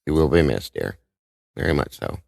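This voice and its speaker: A man with an extremely deep, low, darkish voice hosts a live stream, greeting his viewers one by one by name. He talks emotionally and haltingly, often restarting sentences, with big pitch swings and vocal fry. The sound is dry and close, with almost no room echo.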